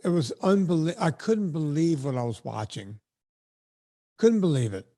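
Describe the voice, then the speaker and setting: Animated, lively-pitched man bantering. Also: moderate pace. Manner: animated, jokey, slips into a booming mock preacher voice. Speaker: podcast co-host. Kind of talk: casual podcast chat.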